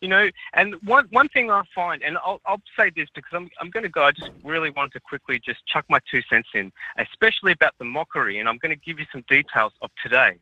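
A man's voice: on the high side, animated, fast talker, few pauses, sharp tone, no echo, dull audio. A man talking in a casual chat as co-host, ranting in an indignant way. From Australia.

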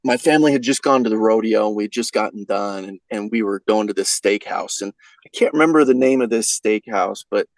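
A man's voice: fairly low pitch, a little fast, no echo, rough recording. A man guesting on a podcast, telling a folksy, rambling story in casual chat with lots of fillers.

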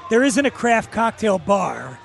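A man co-hosting a casual chat, with a high, swooping voice and a gravelly edge. He jokes around and breaks in with quick questions. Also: big pitch swings, shouting, faint music behind, some chatter behind. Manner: joking, interjecting. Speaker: podcast co-host.

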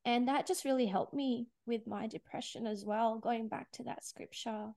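A woman's voice: on the high side, steady tone, normal speed, creaky, a little mellow. A woman guest giving an earnest, emotional faith testimony in conversation, laughing through tears at times. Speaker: podcast guest.

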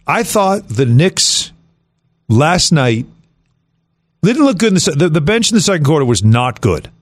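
A man hosting sports radio, talking through a game with animated emphasis. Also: a little high, moderate pace, long pauses. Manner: animated, lots of fillers and restarts. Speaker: radio host.

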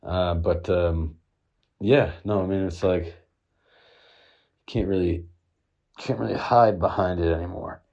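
A man's voice: low-pitched, steady tone, unhurried, pauses often, darkish tone, highs cut off. A middle-aged man from the United States telling a rambling, casual story full of fillers and swearing. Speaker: vlogger.

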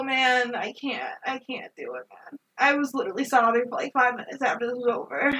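A bright, slightly high-voiced woman chats on a podcast with blunt, profane emphasis. She sits a little back from the microphone, so the voice sounds somewhat distant. Her retelling stays heated and emotional. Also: fairly quick. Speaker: podcast co-host. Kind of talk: casual movie review chat.

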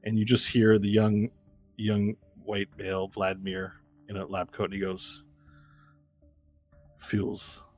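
A man's voice: fairly low pitch, monotone, moderate pace, darkish tone. A man narrating a tabletop game as game master, describing scenes in vivid, rambling storytelling with restarts.

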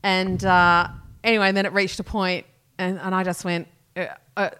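A woman's voice: on the low side, flat delivery, normal speed, bright, forceful tone, clear, resonant tone. A woman in her forties with an Australian accent, co-hosting a casual chat and telling stories in a rambling, swearing way. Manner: rambling storytelling, swearing, acts out family members. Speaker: podcast co-host.

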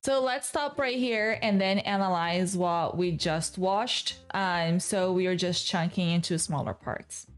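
A woman's voice: on the low side, a little slow, few pauses. A woman teaching English who explains patiently, step by step, and repeats the key words.

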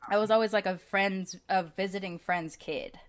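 A woman hosting a casual podcast interview, candid and animated, swearing freely and laughing often as she tells stories. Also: medium pitch, moderate pace. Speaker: podcast host.

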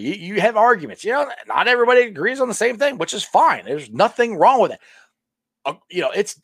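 Animated, passionate male sports talk host. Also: a little high, dry recording, studio quality. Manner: passionate, animated, many restarts. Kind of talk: casual sports talk reading live chat.

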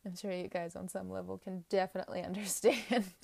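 A woman's voice: mid-range voice, level tone, brisk, creaky, very noisy. A young woman giving a casual tarot reading, talking candidly and with emphasis, often rambling. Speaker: tarot reader.

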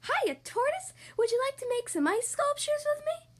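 Lady doing a super squeaky excited bunny, way up high, storybook voice. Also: normal speed. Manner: squeaky, eager. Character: excited bouncy young rabbit.

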